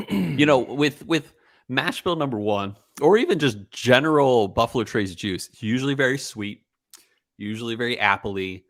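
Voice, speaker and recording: A man co-hosting a podcast, chatting casually through a whiskey tasting, relaxed and rambling with many ums and uhs. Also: mid-range voice, normal speed, dry recording, clean studio sound. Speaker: podcast co-host.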